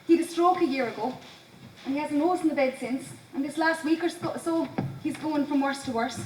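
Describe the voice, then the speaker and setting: Woman playing a brisk, fussing Irish countrywoman. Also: high voice, close to an everyday voice. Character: brisk young countrywoman nursing her ailing father. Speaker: stage actress. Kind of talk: amateur stage play. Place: stage in a hall. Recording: echoey hall from far off, faint noise.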